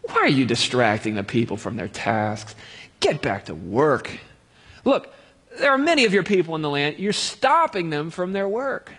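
A man voicing a haughty, dismissive Egyptian pharaoh as he retells a Bible story, with drawn-out, scornful retorts. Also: on the high side, huge pitch swings, fairly bright tone, husky, long reverb tail, full character voice. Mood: commanding.

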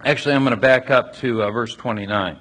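Husky-voiced man leading Bible study. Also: mid-range voice, fast, fairly bright tone. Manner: conversational, with frequent restarts and asides. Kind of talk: casual Bible study teaching and reading aloud.

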